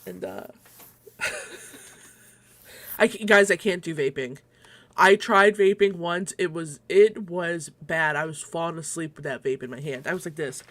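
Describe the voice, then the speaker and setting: Slow-talking, slightly breathless young woman. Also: fairly low pitch, a bit bright, no room sound. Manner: rambling, profane, laughs often. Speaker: livestream host. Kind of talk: casual solo livestream chat.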